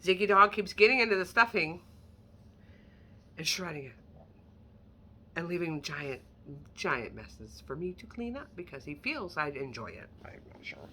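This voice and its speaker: A woman talks through handbags she is selling in a relaxed, candid home vlog, full of self-deprecating asides. Her voice is bright and forceful but sits a little low. A faint hiss of noise runs under the recording. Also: measured pace, long pauses. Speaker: online handbag reseller. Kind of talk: casual product showcase vlog.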